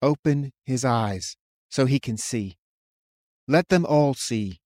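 A man voicing an earnest young man who speaks in a steady, comforting and imploring way. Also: medium pitch, normal speed, dry recording, studio quality, close to an everyday voice. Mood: reassuring.

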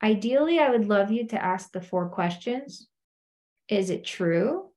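A woman's voice: medium pitch, expressive, unhurried, darkish tone. A woman, married, teaching a self-inquiry method in a conversational way, often asking "right?" and acting out quoted lines. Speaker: coach.

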